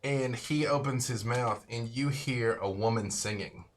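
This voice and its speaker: A man narrating a tabletop role-playing game as its dungeon master, loose and unhurried, often saying "sort of" and "like". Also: mid-range voice, slight background noise.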